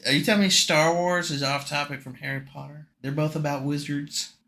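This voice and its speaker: A man's voice: a little high, fairly even intonation, brisk, creaky, bright, forceful tone. A young man co-hosting a podcast in casual chat, joking and rambling, laughing often. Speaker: podcast co-host.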